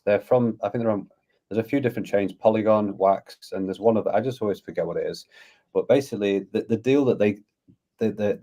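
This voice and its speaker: Guy w a low mellow voice just rambling on excitedly, casual podcast chat. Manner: eager, rambling, talks at length. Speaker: guest, crypto community founder.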